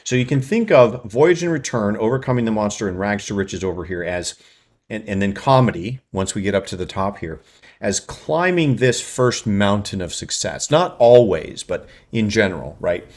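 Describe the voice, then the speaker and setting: Male writing-channel host, lowish voice, rapid lecturing delivery. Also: animated. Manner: fast, tags points with "right?". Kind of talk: explanatory lecture.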